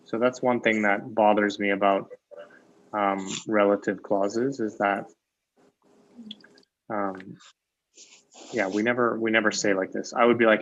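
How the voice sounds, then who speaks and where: Low-voiced man teaching grammar online. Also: fairly even intonation, moderate pace, creaky, long pauses, a bit bright. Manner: explains with examples, repeats phrases, checks with "right?". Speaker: English teacher. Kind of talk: grammar lesson. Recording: lo-fi dull sound.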